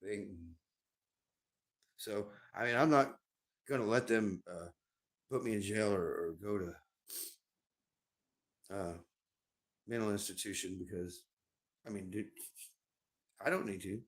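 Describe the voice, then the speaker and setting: A man's voice: lowish voice, measured pace, long pauses. A middle-aged man rambling at home on a livestream, swearing often and repeating his words as he goes. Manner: rambling, profane, repeats himself. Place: at home indoors.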